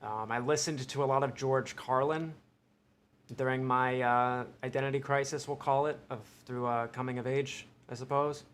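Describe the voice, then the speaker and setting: Steady, slightly bright, and at normal speed, a young livestreamer from Ohio muses aloud and swears freely in loose, wandering chat. His medium-pitched voice carries an American accent mixing Midwestern and a touch of New York.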